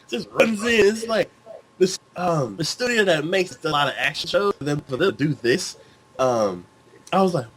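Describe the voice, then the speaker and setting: A male co-host with a high voice talks a little fast over crowd noise, bringing stories to life in a casual chat by acting out scenes with voiced lines and sound effects.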